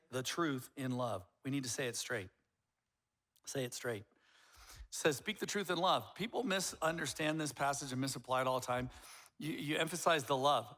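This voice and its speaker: A middle-aged man preaching a sermon as pastor, animated and acting out quoted voices. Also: mid-range voice.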